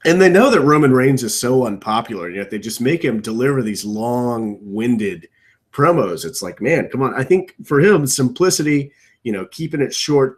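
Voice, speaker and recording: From his computer at home, a young man co-hosts a podcast of casual wrestling riffs, voicing strong opinions and wandering into rambling asides that trail off low.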